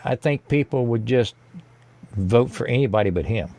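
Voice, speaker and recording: A man's voice: medium pitch, normal speed, gravelly, warm tone. A man chatting casually with a laid-back, dry manner. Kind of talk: casual chat.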